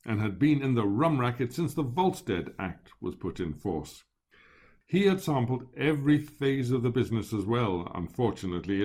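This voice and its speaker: A man narrating a first-person memoir in a measured, descriptive storytelling manner. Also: medium pitch, a little mellow.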